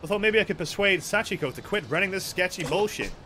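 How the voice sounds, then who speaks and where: This is let's-play commentary from a young male streamer who jokes, swears heavily and reads the on-screen dialogue aloud. He speaks quickly and expressively in a high, bright, forceful voice, with slight background noise.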